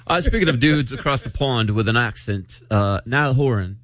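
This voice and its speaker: A man's voice: medium pitch, animated, normal speed, fairly bright tone. A man hosting a radio show, joking casually and leading the segments. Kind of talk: casual morning show chat.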